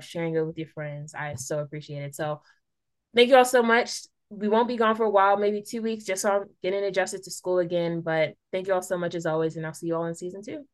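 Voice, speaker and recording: A young woman in her twenties hosting a podcast, gushing with thanks and using many fillers. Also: mid-range voice. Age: 20s. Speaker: podcast host. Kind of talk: casual podcast chat.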